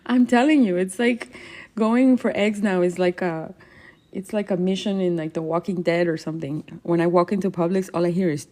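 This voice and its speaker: A woman's voice: fairly low pitch, a little mellow. A woman hosting a live painting stream, chatting casually and playfully with viewers and giggling often while she paints.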